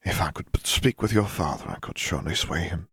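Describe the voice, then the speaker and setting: A man voicing a calm, manipulative dark leader who speaks quietly and formally. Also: low voice, brisk, breathy edge, dry recording, studio quality, exaggerated voice. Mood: persuasive.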